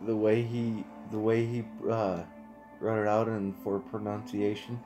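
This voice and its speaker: A man's voice: lowish voice, monotone, unhurried, music in the background. A man hosting a casual livestream, chatting with viewers in a playful, teasing way. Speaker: livestream host.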